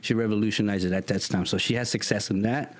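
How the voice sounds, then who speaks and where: Lively man telling a story. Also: lowish voice, fast. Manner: animated, acts out voices in his stories; casual street slang. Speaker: guest. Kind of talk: storytelling interview.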